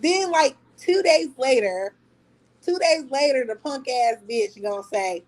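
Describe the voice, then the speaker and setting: A high-voiced woman holds forth on her livestream in a loose, casual rant. She mocks her target with profane trash talk and breaks into laughter often. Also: animated, unhurried, a little mellow, poor audio. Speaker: livestream host. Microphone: talking to a phone on a live stream.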